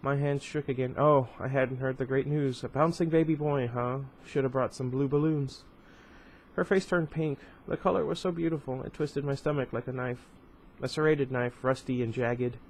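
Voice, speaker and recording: Guy reading a book out loud, casual, fixes his slips, mid pitch, faint noise behind. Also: fairly even intonation, moderate pace, rough recording. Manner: reads first-person narration with offhand asides and self-corrections. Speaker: book reader. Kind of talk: casual read-aloud of a novel.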